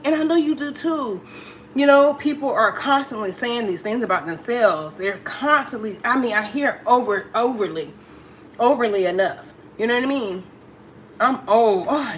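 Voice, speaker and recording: A woman's voice: on the high side, fairly bright tone, slight background noise. A middle-aged woman hosting a casual live stream, chatty and affectionate, greeting viewers and talking through her opinions with many fillers. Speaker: livestream host.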